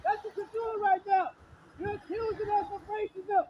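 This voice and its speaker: A man's voice: very high voice, fairly even intonation, normal speed, dull audio, noisy background. A man preaching in a confrontational way, reading scripture aloud, repeating his lines and hurling insults. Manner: repetitive, insulting, shouts lines again and again. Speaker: street preacher.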